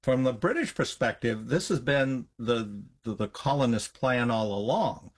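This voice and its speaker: A middle-aged man with a husky voice explains history as an interview guest. His pitch rises and falls in a lively way, and he briefly slips into the voices of people from the past. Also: a little slow. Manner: animated, acts out historical voices in quotes.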